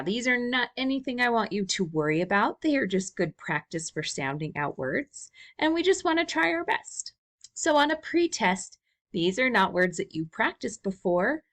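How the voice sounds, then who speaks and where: A young woman teaching a recorded first-grade lesson, speaking slowly and encouragingly to small children. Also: mid-range voice, a bit bright. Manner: slow, sing-song, encouraging teacher talk.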